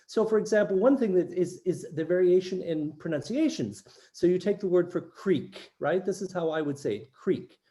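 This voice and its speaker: A man's voice: sits high, animated, moderate pace, few pauses, warm tone. An older man with a US East Coast accent, explaining things to international students in an online workshop and often checking in with "right?". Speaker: workshop presenter.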